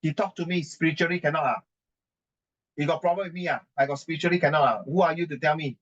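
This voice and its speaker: A man's voice: on the high side, fairly even intonation, fast talker, a bit bright, muffled recording. A man with a Singaporean English accent ranting indignantly in conversation, emphatic and repetitive, slipping into Mandarin and Singlish. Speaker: adult giving writing advice.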